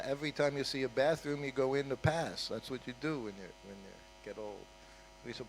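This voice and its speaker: A man's voice: medium pitch, fairly quick, creaky, slight background noise, poor audio. An older man giving an informal storytelling talk at a temple, conversational and full of asides. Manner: conversational, with frequent "you know" and "huh?" asides. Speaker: guest speaker at a temple.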